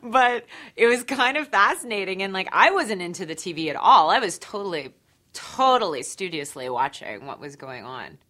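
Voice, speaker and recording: Interview subject: young woman, dry wry storyteller, lowish voice. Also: big pitch swings, normal speed, sharp tone. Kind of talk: to-camera personal story.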